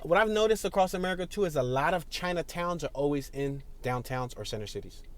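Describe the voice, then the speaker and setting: A man's voice: a little high, expressive, fast talker. A man giving casual running commentary while driving through city streets, chatty and laughing often. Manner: chatty, laughs often, talks to people outside the car. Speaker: driving tour vlogger. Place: inside a car in city traffic.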